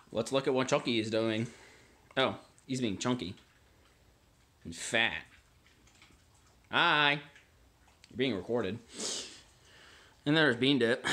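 A man's voice: mid-range voice, pushed and bright. A man hosting a casual home video, tasting wine and chatting to his dogs between remarks. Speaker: amateur wine vlogger.

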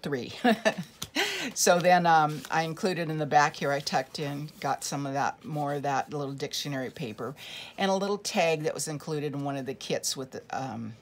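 Low-voiced lady chatting through her craft project, rambly, lots of ums. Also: normal speed. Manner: chatty, rambling, many fillers and restarts. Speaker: craft vlogger. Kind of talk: casual show-and-tell craft tutorial.

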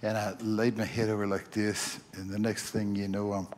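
Man, preacher, church sermon, folksy, repetitive, excited outbursts. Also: fairly low pitch, moderate pace. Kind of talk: sermon with storytelling.

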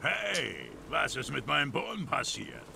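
A man voicing a gruff, threatening male commander in a dubbed game cutscene. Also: mid-range voice, wildly swooping pitch, measured pace, exaggerated voice. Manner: bossy and threatening. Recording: noisy game audio.

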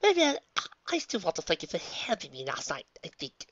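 A woman voicing a nervous, prim female pony in a fan audiobook reading, high-strung and fussy. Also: very animated, brisk, fairly bright tone, dry recording, highs cut off. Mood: panicky.

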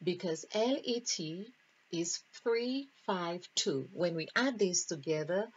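Slow, husky woman musing over numbers. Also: on the low side, lively intonation. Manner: deliberate, musing, counting out numbers aloud. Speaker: spiritual teacher. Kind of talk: numerology lesson, thinking aloud. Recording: dull lo-fi recording.

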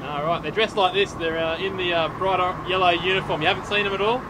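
A man's voice: high voice, steady tone, quick pace, background noise. An Australian man presenting a comedy segment, cheerfully quizzing passers-by in mock-earnest roving reporter style. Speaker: comedy presenter doing street interviews. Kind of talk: jokey roving vox-pop reporting. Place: outdoors on town streets.

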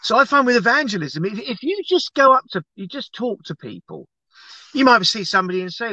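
A man's voice: sits high, a little fast, no echo, muffled recording. A man, talking casually and animatedly as an evangelist, teaching and praying on a livestream with many restarts. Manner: animated, chatty, rambling with restarts.

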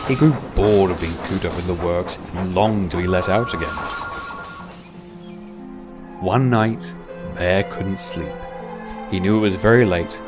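A man narrating a children's-style railway story in a measured storytelling voice. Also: deep voice. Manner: measured, voices all the characters. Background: background music.

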